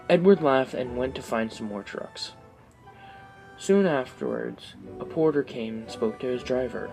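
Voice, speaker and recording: A man narrating a children's storybook aloud with an expressive reading. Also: fairly low pitch, a little slow, music in the background, poor audio.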